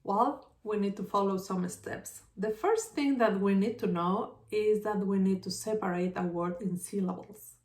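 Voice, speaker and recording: A woman teaching a lesson patiently, repeating example words slowly and clearly. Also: medium pitch, darkish tone, reverberant, far from the mic. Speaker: Spanish teacher. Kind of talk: slow explanatory lesson.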